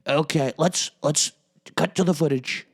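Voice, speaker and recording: A man's voice: on the high side, unhurried. A man doing a comedic impression of a boastful former president hosting a podcast, rambling and repeating himself. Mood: blustering.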